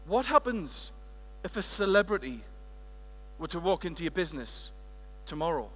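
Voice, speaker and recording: A British man giving a lively conference keynote, telling a story and calling on the audience to shout out answers. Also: on the high side, normal speed. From United Kingdom. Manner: lively, engaging the audience directly. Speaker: keynote speaker. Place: conference centre stage. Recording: echoey large hall.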